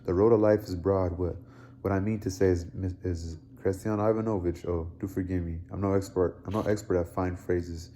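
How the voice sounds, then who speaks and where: A man's voice: sits low, fairly even intonation, mellow, slight background noise, natural voice. A man reading as a timid, fumbling clerk. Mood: anxious. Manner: halting, repeats himself. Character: timid fumbling middle-aged male clerk.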